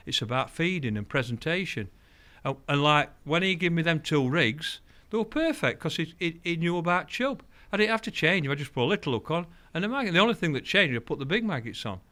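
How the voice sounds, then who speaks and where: An older man tells anecdotes in an animated way, bouncing between voices as he acts out other people. His voice is bright and smooth, and sits a touch high. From England. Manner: animated, acts out quoted voices, laughs often. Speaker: guest, angling champion. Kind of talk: anecdotal storytelling.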